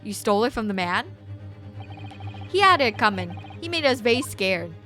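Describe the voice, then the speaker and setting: Woman doing a loud, boastful old Italian man. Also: on the high side, moderate pace, soft background music. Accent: put-on Italian. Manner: animated, loud, broken grammar. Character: excitable older Italian man, boastful, cheeky.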